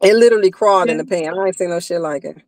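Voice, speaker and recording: A woman co-hosting a casual livestream chat, expressive and asking viewers rhetorical questions. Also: on the low side, rapid-fire, no echo. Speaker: livestream co-host.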